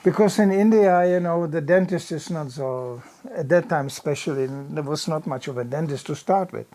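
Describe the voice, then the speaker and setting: At normal speed and with a warm, slightly high voice, an older visiting preacher delivers a storytelling sermon in a temple hall. He sprinkles in plenty of "you know" asides and acts out sound effects.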